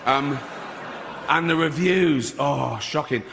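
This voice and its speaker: A man doing a stand-up routine, mocking and animated, with sweary asides. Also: a little high, takes it slowly, vocal fry. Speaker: stand-up comedian. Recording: stage mic in a reverberant venue, faint noise.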